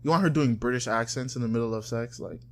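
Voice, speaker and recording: A young man co-hosting a podcast, joking and riffing in a mocking, animated way in casual chat. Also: medium pitch, fast. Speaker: podcast co-host.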